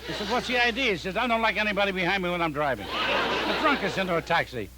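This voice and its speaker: A comedian telling rapid-fire deadpan jokes on a telephone joke line. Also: male voice, high voice, crowd noise. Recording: noisy archival recording with clicks.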